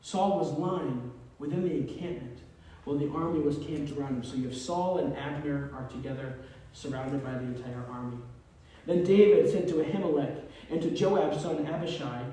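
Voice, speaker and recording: A male pastor preaching a sermon, emphatic and swinging from loud to quiet. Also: a little high, moderate pace. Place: church sanctuary. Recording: echoey church from far off.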